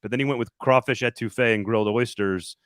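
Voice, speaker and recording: A man's voice: mid-range voice, steady tone, fast, smooth, dry recording, clean studio sound. A man co-hosting a casual sports talk show, rambling with lots of restarts and easy laughter. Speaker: podcast co-host reporting from media days.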